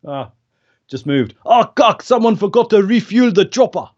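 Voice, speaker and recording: A man voicing a gruff male heist crew leader, barking orders over muffled lo-fi stream audio. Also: high voice, sing-song, normal speed, a little mellow. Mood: bossy.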